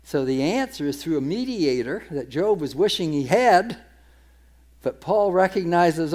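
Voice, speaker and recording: A man's voice: a little high, expressive, unhurried, a little mellow. A man giving a conversational Bible teaching, paraphrasing scripture in everyday speech with frequent restarts and repeated words. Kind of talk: sermon-style Bible teaching.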